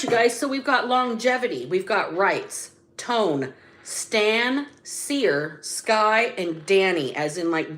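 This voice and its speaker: A woman giving a casual tarot reading in a slow, unhurried delivery. Her voice sits in a middle range, and she talks bluntly, with sudden emphatic bursts. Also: mid-range voice, fairly bright tone. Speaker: psychic tarot reader.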